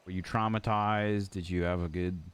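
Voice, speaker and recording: A man's voice: low-pitched, fairly even intonation, moderate pace, clear, resonant tone. A young man in a role-play game, chatting casually in character in a blunt, teasing way.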